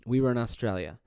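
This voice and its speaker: A jet-lagged young man, a podcast host and stand-up comedian, rambles through a casual solo podcast monologue, swearing freely and mocking himself. His ordinary-pitched voice is dark, clear and resonant, sounding close and dry. He's alone in a small room with no room sound.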